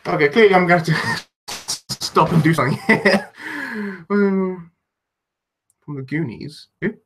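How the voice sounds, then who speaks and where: A man's voice: high voice, big pitch swings, unhurried, a bit bright, slight background noise. A young man from England with a British accent, chatting casually and rambling on a livestream, often laughing and restarting his sentences. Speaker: YouTube livestream host. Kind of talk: casual live-stream chat.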